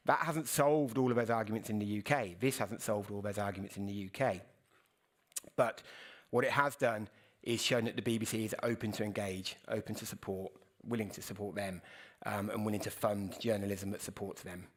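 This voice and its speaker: A middle-aged man from the United Kingdom speaking on a conference panel, talking fast and earnestly, often restarting his sentences. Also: fairly low pitch, fairly even intonation. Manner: fast, earnest, self-correcting.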